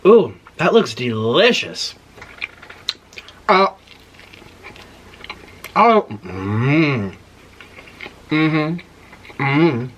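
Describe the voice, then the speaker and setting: A man hosting an eating video, retelling an annoying drive-thru visit in an indignant, animated way between bites. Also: a little high, very slow, long pauses, a little hiss or hum. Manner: animated, indignant retelling with mouth-full murmurs. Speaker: mukbang host. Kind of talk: storytelling while eating on camera.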